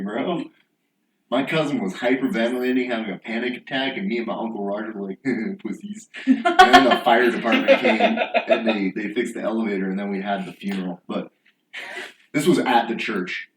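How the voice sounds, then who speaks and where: A man's voice: lowish voice, expressive, fairly quick, a bit bright. Crude laughing young guy, roomy sound. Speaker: podcast co-host. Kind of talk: casual chat. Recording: echoey room, distant mic, faint hiss.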